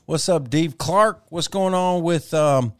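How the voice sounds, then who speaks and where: Swearing, laughing grandpa podcaster. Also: male voice, a little high, slow pace, clear, resonant tone, no room sound, clean studio sound. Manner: laughs often, swears freely. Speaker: podcast co-host. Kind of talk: crude casual banter.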